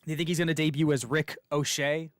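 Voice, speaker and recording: Recorded in studio quality with no room sound, a man with a voice on the high side talks at a quick pace. He's co-hosting a gaming stream, chatting casually while playing and laughing animatedly as he tells stories.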